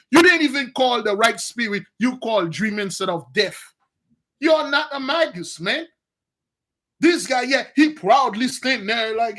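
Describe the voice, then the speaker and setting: High-voiced man in an excitable preaching rant. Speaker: religious teacher. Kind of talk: preaching commentary on a TV series.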